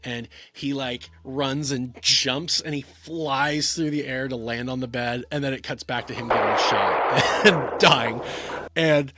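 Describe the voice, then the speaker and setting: A man's voice: medium pitch, fairly even intonation, a little slow, pushed and bright. A man giving a casual talking-head film review, rambling, with many fillers and restarts.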